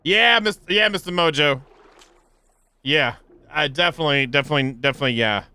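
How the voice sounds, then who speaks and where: A young man streaming a game live, rambling casually with stammering restarts and sudden high, excited yelps. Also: a little fast, clean tone, no echo. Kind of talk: casual live gameplay commentary.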